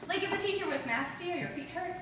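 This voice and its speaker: Woman acting out a confessional stage monologue, very high voice, heard from a distance, steady background noise. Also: fast talker. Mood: reflective. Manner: emotionally charged, confessional storytelling. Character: restless, ungrateful woman stranded waiting, emotional. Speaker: stage actor performing a monologue. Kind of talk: theatrical monologue. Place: theater stage. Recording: distant echoey hall recording with background noise.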